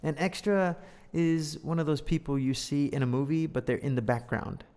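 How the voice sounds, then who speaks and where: With a slightly high, steady, somewhat mellow voice at normal speed, a man gives a playful, chatty English lesson, reading through a storybook and joking about its pictures. He laughs often, and the room is reverberant.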